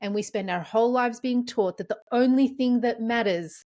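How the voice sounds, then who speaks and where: A woman's voice: fairly high pitch, moderate pace. A woman hosting a podcast, telling personal stories in casual conversation, open and emotional. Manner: open, emotional, animated storytelling. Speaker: podcast host.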